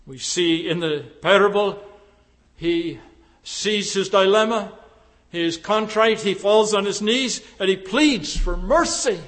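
A man preaching a sermon, slow and deliberate, with emphatic rises into impassioned pleading. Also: high-pitched, fairly bright tone. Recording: long reverb of a large hall.

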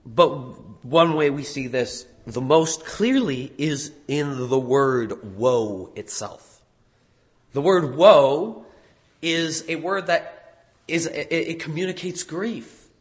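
Man preaching a lively sermon. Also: on the high side, slow. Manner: conversational, self-correcting, animated emphasis.

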